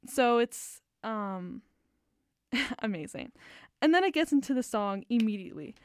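A woman's voice: a little high, clear, resonant tone, no room sound. A woman hosting a fill-in radio show, chatting casually in a giggly, rambling, self-conscious way into a fixed studio mic. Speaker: radio host.

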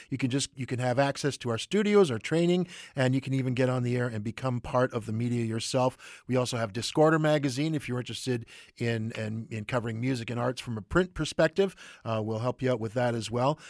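A man's voice: medium pitch, no room sound. A man hosting a campus radio show from the studio, making a loose, unscripted fund drive appeal to listeners. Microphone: studio microphone.

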